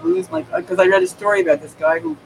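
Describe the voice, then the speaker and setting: High and quick, with big swings in pitch, this man's voice competes with a noisy background and music. The speaker is a vlogger from New York State, USA, giving a loose, rambling monologue to his camera at home, marked by frequent restarts and laughs. It's recorded on a camera mic.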